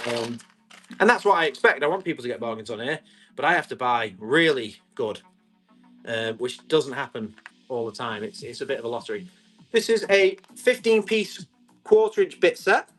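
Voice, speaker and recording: A man, selling tools on a live stream, chatty and quick to describe each item and call out the bids. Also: medium pitch, expressive, fairly bright tone, faint music behind. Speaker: live auction seller.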